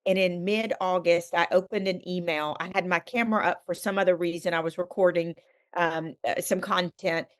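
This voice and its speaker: A woman's voice: lowish voice, steady tone, moderate pace. A middle-aged woman, a guest author on a podcast, telling a candid personal faith story with earnest emphasis.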